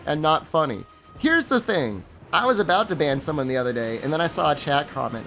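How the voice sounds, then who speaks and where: Chatting with viewers while gaming, a young man rambles sarcastically and cracks himself up. His voice is a little high and a bit bright, very animated and slightly fast, with slight background noise.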